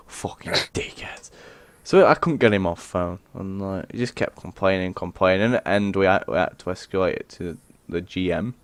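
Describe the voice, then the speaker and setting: Grumbling man with a low, dry voice. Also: moderate pace, no echo. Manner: grumbling, rambling storytelling. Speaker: podcast co-host. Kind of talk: casual chat.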